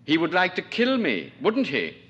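A man's voice: a little high, huge pitch swings, moderate pace, husky, muffled recording, voice pushed up, heavily acted. A man reading aloud and voicing a stern, domineering colonel who talks down to his staff in a clipped, scornful way. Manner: clipped, scornful, sudden sharp outbursts. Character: stern aging male colonel, cutting, domineering.

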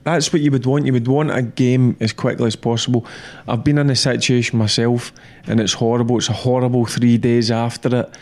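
A middle-aged man, a former player, talking football in a blunt, animated, repetitive way. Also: medium pitch, fairly quick, hardly any pauses. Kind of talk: casual football chat.

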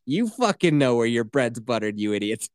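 A man's voice: mid-range voice, sing-song, normal speed, clean tone, dry recording. A man co-hosting a casual podcast, cursing freely, talking sarcastically and acting out mocking voices. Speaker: podcast co-host.

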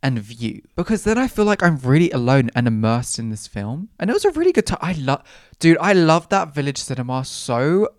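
A young man in his early twenties hosting a solo podcast, chatting casually and dramatically with camp slang and sudden high exclamations. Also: very animated, fairly quick, a little mellow, no room sound, clean studio sound. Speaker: podcast host. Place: rural home.

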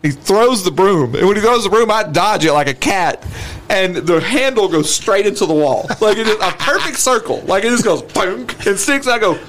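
A man's voice: high-pitched, expressive, normal speed, a bit bright, rough recording. A man co-hosting a podcast, telling family stories in casual chat, laughing often and acting out quotes. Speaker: podcast co-host.

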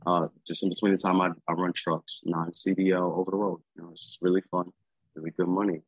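A husky, very low-voiced man talks fast and freely as an interview guest. He is streetwise and profane, and he keeps tossing in filler phrases. The sound is dry and a little muffled. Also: flat delivery, no room sound. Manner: streetwise, profane, rambling with "you know what I'm saying". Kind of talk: candid casual interview talk.

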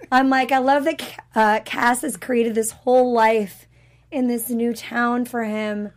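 A woman in casual conversation about a TV show, her voice slightly hoarse from illness. She speaks in a fairly high register and moves quickly from point to point with lots of energy, acting out the characters' lines as she tells the story. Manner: chatty, animated, acts out characters' lines. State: sick with a rough voice. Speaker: podcast co-host. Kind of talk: casual TV review chat.

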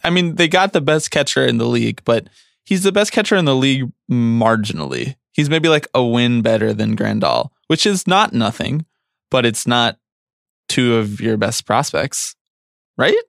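A man's voice: mid-range voice, sing-song, normal speed, vocal fry, fairly bright tone, no room sound, studio quality. A young man with a Philadelphia accent co-hosting a podcast, joking and self-mocking in casual chat. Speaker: podcast co-host.

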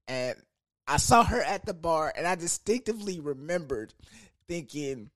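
A young man casually telling a personal story, loose and slangy, with animated asides and frequent laughs. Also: a little high, normal speed, no echo, studio quality.

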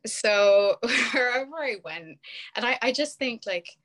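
A woman's voice: fairly high pitch, lively intonation, takes it slowly, fairly bright tone. Brief: chatty British woman, casual video-call conversation, laughs easily, plenty of fillers. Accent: British English. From United Kingdom.

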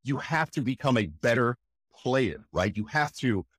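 A man, a voice actor, telling stories in an animated, emphatic way during an interview. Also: medium pitch, normal speed, husky, dry recording, clean studio sound. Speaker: voice actor guest. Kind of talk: enthusiastic interview chat.

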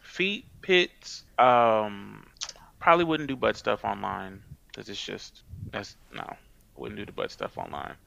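A man's voice: on the low side, sing-song, measured pace, creaky, fairly bright tone, slight background noise. A man co-hosting a podcast, chatting casually and telling stories in a blunt, profane way. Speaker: podcast co-host. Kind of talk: casual chat.

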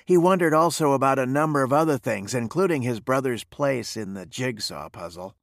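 A man reading a western novel aloud in a steady storytelling manner. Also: mid-range voice, normal speed, vocal fry, no echo, studio quality. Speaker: narrator.

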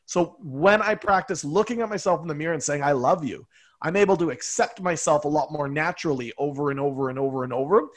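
A man's voice: fairly high pitch, fast. A man speaking as a guest in a casual conversation, reflective and earnest.

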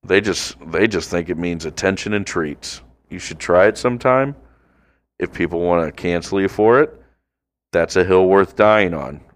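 Male podcast co-host, low and clean voice, crude joker. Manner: joking, crude, drawn-out bits with high-pitched laughs. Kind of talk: crude casual chat. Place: home.

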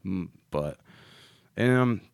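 A man's voice: low-pitched, lively intonation, slow, gravelly, smooth, no room sound, studio quality. A comedian hosting a casual podcast chat, rambling and restarting his sentences often. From Ohio, United States. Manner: rambling with frequent restarts and stammers. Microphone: studio mic.

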